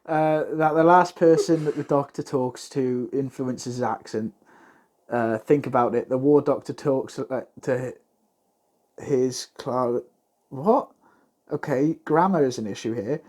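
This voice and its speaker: Man, podcast co-host, casual chat, animated, jokey asides. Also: medium pitch, measured pace. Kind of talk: casual chat reading fan theories.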